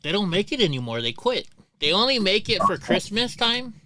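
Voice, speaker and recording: A man's voice: high voice, big pitch swings, moderate pace, a loud crowd. A middle-aged man hosting a livestream, telling rambling, profane stories in casual chat. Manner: rambling, profane, many restarts. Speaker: livestream host.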